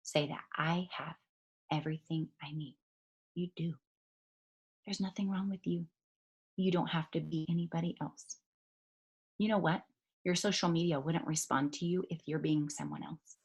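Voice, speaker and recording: A woman giving an emphatic motivational talk on a video call, swinging from loud to hushed. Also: low-pitched, fairly even intonation, moderate pace, pauses often, slightly rough. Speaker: network marketing leader speaking on a call.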